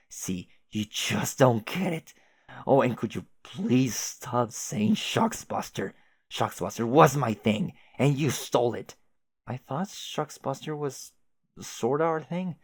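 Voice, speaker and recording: Man reading as a furious young woman, biting, exasperated, swears, slightly raised pitch, dry sound. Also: darkish tone, breathy edge, dry recording. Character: fed-up young woman, furious and sharp-tongued.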